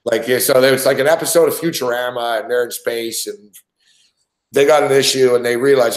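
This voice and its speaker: Co-hosting a sports betting show, a man tells stories in casual chat, swearing heavily and laughing along the way. His voice is medium-pitched and brisk, and it sounds reverberant.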